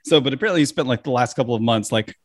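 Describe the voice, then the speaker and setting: A man's voice: medium pitch, racing, no echo. Laughing man telling a dad story. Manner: animated, acts out quotes, laughs often. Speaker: podcast co-host. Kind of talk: casual storytelling chat.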